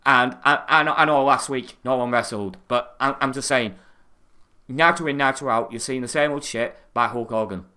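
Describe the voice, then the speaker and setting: A man's voice: mid-range voice, moderate pace, pushed and bright. A man co-hosting a podcast, ranting casually and swearing a lot in exasperation. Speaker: podcast co-host.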